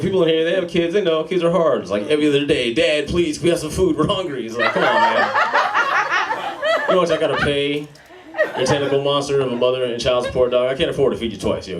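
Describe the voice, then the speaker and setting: A man in his thirties doing a stand-up comedy set in a club, with a laid-back, slangy delivery and deadpan dark jokes. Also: mid-range voice, fast. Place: comedy club with a live audience. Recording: heavy noise behind a live club set.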